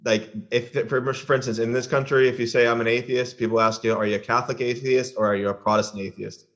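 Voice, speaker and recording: A man's voice: mid-range voice, level tone, fast talker, a bit bright. A man with an American accent, a guest on a podcast, talking casually and hesitantly, with lots of fillers and restarts. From American South. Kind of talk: casual chat. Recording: dull lo-fi sound.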